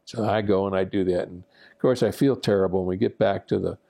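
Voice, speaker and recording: A low, gravelly older man telling an old war story. His voice is dark and mellow, and he rambles along in a self-deprecating way, with plenty of "uh"s and restarts. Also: steady tone, fast. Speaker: veteran pilot recounting war memories. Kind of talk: personal anecdote storytelling.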